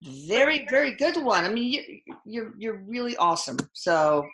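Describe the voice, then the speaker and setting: A woman host, chatting in a casual, self-mocking, animated way. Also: mid-range voice, moderate pace. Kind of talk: casual chat. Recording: echoey room.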